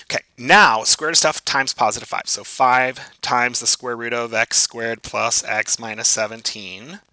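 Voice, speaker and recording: A man's voice: medium pitch, a little slow, dry recording, rough recording. A man teaching math in a recorded video lesson, working problems aloud and joking at his own expense as he writes. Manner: animated, self-joking, thinks aloud while writing. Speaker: math instructor.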